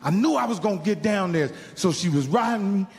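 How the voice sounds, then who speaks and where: A man from Indiana doing stand-up storytelling, profane and animated, acting out the people in his stories. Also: high-pitched, fairly quick. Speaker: stand-up comedian. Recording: live hall recording with long reverb.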